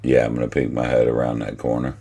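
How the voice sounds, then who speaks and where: A man's voice: rumbling low, monotone, quick pace, vocal fry, warm tone, slightly rough. A man playing a tabletop game, talking casually and matter-of-factly. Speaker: player.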